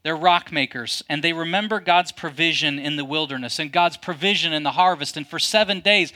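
A man preaching with a bright, forceful voice that sits a little high. He moves from lively, punchy stretches to slow, quiet passages that drop almost to a murmur. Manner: dynamic preaching, swinging from loud to hushed. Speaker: pastor. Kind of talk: sermon.

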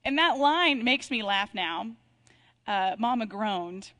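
A woman pastor in her thirties delivers a sermon with a somewhat high voice. She speaks in a reflective, conversational tone and slows down to draw out key lines of scripture. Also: animated, bright, forceful tone.

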